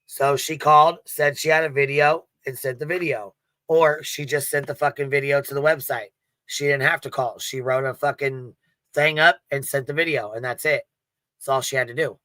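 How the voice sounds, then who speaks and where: A man sits in as a livestream panel guest, ranting bluntly and swearing freely. His voice stays flat and even but clear and smooth. The sound is dry and close. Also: mid-range voice, normal speed, no room sound. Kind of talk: heated casual commentary.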